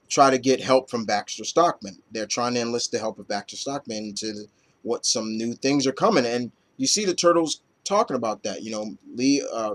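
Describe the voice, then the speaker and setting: A man reviewing comic books in a loose, rambling chat full of fillers and casual swearing. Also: mid-range voice.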